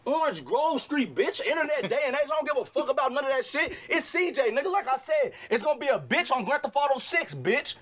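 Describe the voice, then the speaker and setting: A man voicing a brash young street gangster from a game, loud, boastful and cussing. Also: extremely high pitch, sing-song, fairly quick, few pauses, full character voice. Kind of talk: sketch comedy impression.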